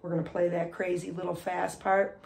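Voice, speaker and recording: A woman's voice: fairly low pitch, flat delivery, moderate pace, creaky, a little hiss or hum. A woman teaching drums in a casual way, often checking in with "okay?" and counting beats aloud. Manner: counts aloud loudly over drumming, says "okay?" often. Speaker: drum teacher. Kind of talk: casual instructional talk. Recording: drums playing under the voice.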